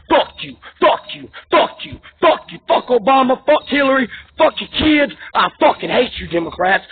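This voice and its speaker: Brief: very high-pitched man, agitated profane ranter, heavily repetitive, on thin phone-quality audio. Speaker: vlogger. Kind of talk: angry political rant. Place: New York. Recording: tinny phone-like audio, faint noise.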